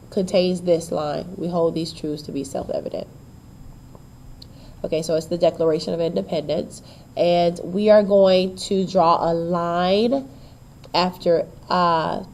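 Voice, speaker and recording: Low, slow-talking woman teacher with chatty asides. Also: darkish tone. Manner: chatty, self-deprecating asides to the class; stretches out and stresses syllables to demonstrate rhythm. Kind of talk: classroom lesson on poetry meter. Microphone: recorded on a camera while writing on paper.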